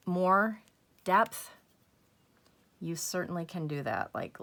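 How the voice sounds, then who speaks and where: A woman hosting a crafting channel, talking through a coloring tutorial step by step in a soft, unhurried, gently encouraging way. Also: low voice.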